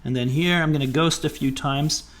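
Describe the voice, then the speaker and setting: A man's voice: fairly high pitch, steady tone, moderate pace, fairly bright tone. A man teaching a drawing class, chatty and encouraging, thinking aloud as he sketches. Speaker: art teacher. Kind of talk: drawing tutorial.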